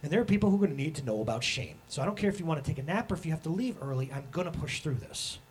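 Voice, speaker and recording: A man in his thirties preaching a sermon as pastor, animated and acting out the voices he quotes. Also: fairly high pitch, racing, slight background noise.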